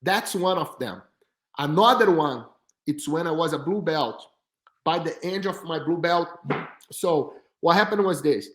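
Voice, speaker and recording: A man telling stories as a podcast guest in an animated, chatty way, with slightly non-native grammar. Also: fairly high pitch, measured pace. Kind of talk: storytelling in casual chat. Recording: roomy echo.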